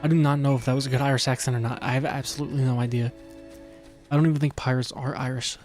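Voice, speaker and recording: A man's voice: mid-range voice, level tone, quick pace, a little mellow, soft background music. Crude, joking male streamer. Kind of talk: casual gameplay commentary.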